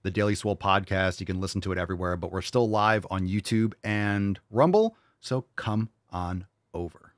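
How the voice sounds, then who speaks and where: A man's voice: sits low, dry recording, clean studio sound. A young man hosting a live podcast, joking and irreverent as he answers viewer questions. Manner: joking, irreverent, quick asides and put-on voices. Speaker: podcast host.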